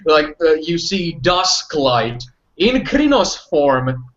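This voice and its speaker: A man's voice: a little high, sing-song, takes it slowly, fairly bright tone. A man narrating a tabletop game as game master, rambling and full of fillers. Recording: muffled lo-fi audio.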